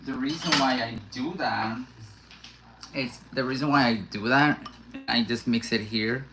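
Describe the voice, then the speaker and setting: A woman hosts a live cooking stream from her home kitchen, talking slowly and casually as she works, often stopping to restart her sentences. The room rings with echo, and pots, cutlery and dishes clatter loudly behind her. She chats to her viewers as if they were standing right beside her. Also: rumbling low, background noise. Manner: chatty, talks to herself while cooking, rambling restarts. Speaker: cooking livestream host. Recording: echoey kitchen with loud pan and dish clatter.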